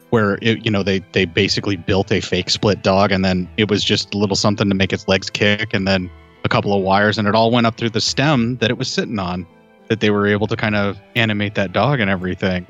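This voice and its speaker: Male podcast co-host, lower register, chatty and long-winded. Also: fairly even intonation, a little fast, a bit bright, dull audio, faint music behind. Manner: detailed, rambling explanations. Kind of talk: casual film review chat.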